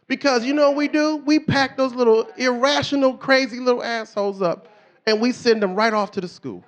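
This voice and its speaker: A man's voice: very high voice, fairly quick. A middle-aged man performing a stand-up comedy routine on a club stage, telling stories animatedly and acting out the people he quotes. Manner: animated storytelling, acts out quotes with shifting voice.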